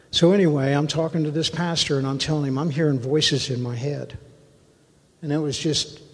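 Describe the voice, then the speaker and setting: A man's voice: on the high side, vocal fry, a little mellow, husky, big-room sound. A man giving an earnest, emotional personal testimony to a congregation in a church. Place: church sanctuary.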